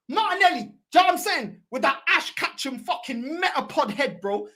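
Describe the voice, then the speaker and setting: A woman's voice: sits high, a bit bright. A woman with a London accent hosting a football fan channel, ranting furiously with constant swearing and mocking insults, slipping into European Portuguese. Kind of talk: angry fan reaction rant.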